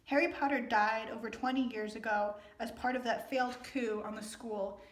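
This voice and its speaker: A woman's voice: on the high side, fairly even intonation, moderate pace, lightly acted. A young woman reading the lines of a prim, cruel female official in a cold, scolding tone. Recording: echoey room.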